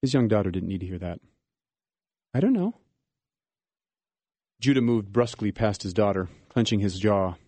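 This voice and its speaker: Brief: male guest author narrating a dramatic reading, theatrical, mellow voice, dry sound. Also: lowish voice, quick pace, hardly any pauses, no echo.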